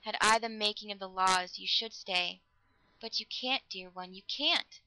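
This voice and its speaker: A woman reading an otherworldly young woman in love, soft and tender, sometimes whispering. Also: medium pitch, measured pace, slight background noise, rough recording.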